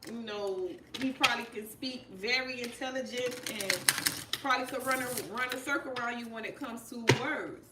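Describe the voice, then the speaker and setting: A woman's voice: fairly high pitch, moderate pace. A woman hosting a live tarot stream in a casual, direct way, calling her viewers y'all. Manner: informal, addresses viewers as y'all, chatty and direct. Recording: echoey room, mic at a distance, clear background noise.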